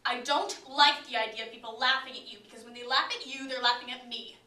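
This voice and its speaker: A young woman acts out a bitter middle-aged mother who mocks and belittles. The voice is high and bright, with a sharp, cutting edge. It is heard from a distant camera in a roomy, echoing space. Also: fairly even intonation, fast talker. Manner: sarcastic, cutting, mocking. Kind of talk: solo dramatic interpretation. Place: competition room. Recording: echoey room from far off.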